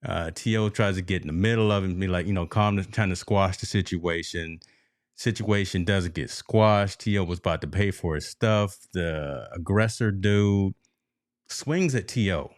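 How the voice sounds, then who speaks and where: Male sports podcast host, very low voice, dry close sound, animated storyteller. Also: normal speed, no room sound. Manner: animated storytelling, addresses listeners as folks. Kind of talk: casual sports talk.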